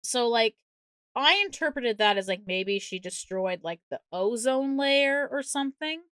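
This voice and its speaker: A woman co-hosting a movie podcast, recounting a film's plot in casual, exasperated, animated chat with plenty of swearing. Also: a little high, unhurried, clean tone, dry recording, studio quality. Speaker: podcast co-host.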